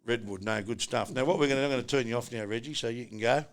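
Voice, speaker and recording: A man's voice: medium pitch, fast. A middle-aged man with an Australian accent, hosting a casual podcast from a pub with jokey, rambling banter. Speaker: podcast host. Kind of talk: casual chat. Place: pub, indoors.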